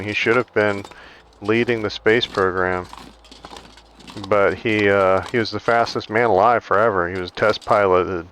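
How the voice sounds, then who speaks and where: A man's voice: lowish voice, fairly bright tone, slight background noise, rough recording. A man casually chatting while playing a survival video game, rambling into storytelling asides. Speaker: gaming streamer. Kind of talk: casual gameplay chat.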